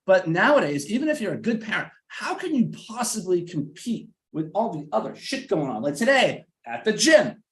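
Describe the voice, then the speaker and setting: A man's voice: high-pitched, normal speed, hardly any pauses. A man around forty with a Boston accent, telling a profane story as a podcast host and acting out the other people's lines. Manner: animated, profane, acts out quotes in exaggerated voices. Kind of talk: casual storytelling chat.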